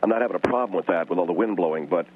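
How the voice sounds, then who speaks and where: Brief: male radio host phoning in, lowish voice, halting and uneasy, muffled line with noise. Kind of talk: comedic radio call. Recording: dull phone line with background noise.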